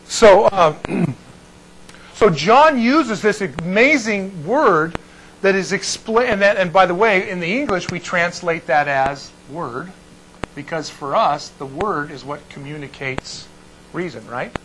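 Man teaching Bible to a small class, rambling with restarts, slightly high voice, faint noise behind. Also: lively intonation, slow pace, fairly bright tone, poor audio. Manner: digressive, restarts often, checks in with the class.

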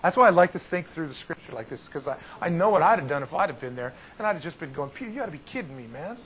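Folksy, animated pastor with a higher male voice. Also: fast talker, a little hiss or hum, poor audio. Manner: folksy, animated storytelling with frequent restarts. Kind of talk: informal Bible study teaching.

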